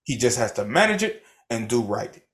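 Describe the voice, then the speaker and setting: A man's voice: medium pitch, very animated, normal speed, fairly bright tone. A young man co-hosting a casual sports podcast, talking in a mock-formal, wordy analyst style. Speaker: podcast co-host.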